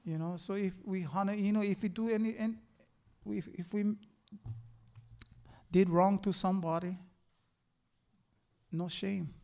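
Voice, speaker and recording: An older man giving a personal faith testimony, halting and earnest, with many fillers. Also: high-pitched, fairly even intonation, creaky, mellow. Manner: halting, earnest, full of "you know" fillers.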